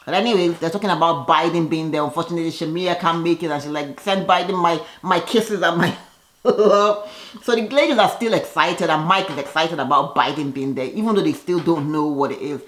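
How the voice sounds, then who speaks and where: A woman giving a casual, chatty recap of a TV episode. She leans on "you know" and acts out the cast's lines with animated quoting. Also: low voice, quick pace, few pauses. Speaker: reality TV recap vlogger. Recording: roomy echo.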